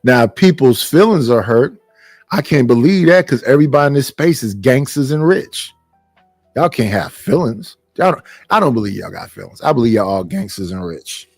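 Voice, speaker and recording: A man's voice: medium pitch, lively intonation, normal speed, a little mellow, breathy edge, no echo, studio quality, faint music behind. Blunt, profane middle-aged man ranting. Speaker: stream host. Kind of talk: casual live-stream rant.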